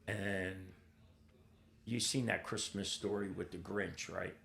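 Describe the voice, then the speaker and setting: A gravelly older man speaks in a low register, his voice full of rough vocal fry. He tells his story as a podcast guest, blunt and raw, swears without a filter, and slips into the voices of the people he quotes. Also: fairly even intonation, slow, fairly bright tone. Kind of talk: candid personal storytelling.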